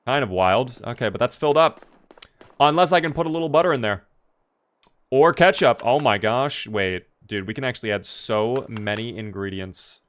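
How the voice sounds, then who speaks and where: A man's voice: mid-range voice, expressive, normal speed, fairly bright tone. A man casually commenting on his gameplay on a live stream, chatty and playful, joking with his chat.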